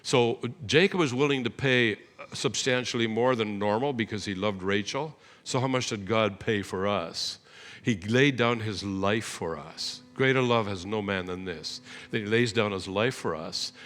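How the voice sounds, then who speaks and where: A man's voice: fairly low pitch, unhurried, a bit bright. A man giving an earnest, explanatory sermon in a church, often correcting himself mid-sentence. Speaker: guest preacher. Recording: reverberant church hall.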